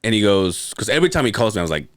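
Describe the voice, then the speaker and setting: Animated man telling a story. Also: on the low side, rapid-fire, dry recording. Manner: lively, swearing, acts out quoted voices. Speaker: podcast co-host. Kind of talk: casual chat, animated storytelling.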